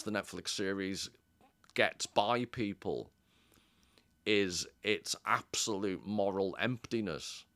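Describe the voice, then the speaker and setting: A man's voice: lowish voice, fairly bright tone, no room sound. A man giving a casual commentary as a video essayist, digressive and wry, often interrupting himself.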